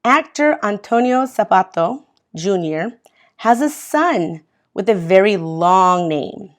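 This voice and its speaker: A woman's voice: mid-range voice, expressive, slow pace. A woman from Mexico teaching an English as a second language class, reading from a textbook and patiently explaining words step by step.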